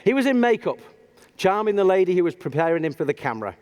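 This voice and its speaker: Animated man telling a funny story. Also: high-pitched, fast, clean tone. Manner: animated, self-deprecating. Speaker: public speaker. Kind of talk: humorous storytelling talk. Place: large auditorium stage. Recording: long hall reverb.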